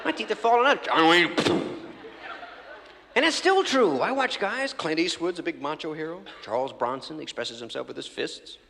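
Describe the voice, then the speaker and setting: Animated male stand-up comic in a theatre. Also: fairly high pitch, normal speed, creaky, slight background noise. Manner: rambling storytelling, acting out scenes. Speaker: stand-up comedian. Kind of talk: live stand-up routine. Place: large theatre stage before an audience. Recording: reverberant live theatre recording from 1984.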